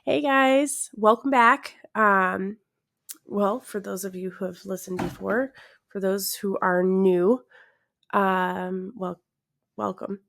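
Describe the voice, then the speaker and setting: A woman's voice: medium pitch, steady tone, slow pace, vocal fry, fairly bright tone. A young woman hosting her own podcast in a casual, awkward, self-deprecating chat, tired and laughing often. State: tired, yawning. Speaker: podcast host.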